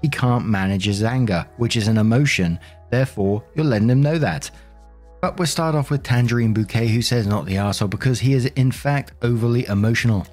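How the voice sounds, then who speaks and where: Brief: male narrator for online stories, calm and matter-of-fact, faint music underneath. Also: medium pitch, a little fast. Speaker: story reader and host. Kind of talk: reading online posts aloud with commentary.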